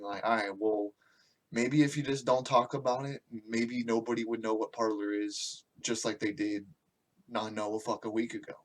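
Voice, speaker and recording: Profane ranting man on a podcast. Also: mid-range voice. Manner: crude, profane, mocking, ranting. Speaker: podcast host. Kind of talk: casual podcast rant.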